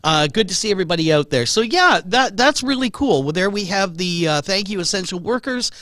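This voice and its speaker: A middle-aged man from Canada with a Canadian accent, his voice sitting a little high for a man. He hosts a casual live chat in a joking, talkative way. The sound is close and dry, with no room around it. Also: animated, fairly quick, fairly bright tone, no room sound. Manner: jokey, chatty, reads out viewer comments. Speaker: host of a live local talk show.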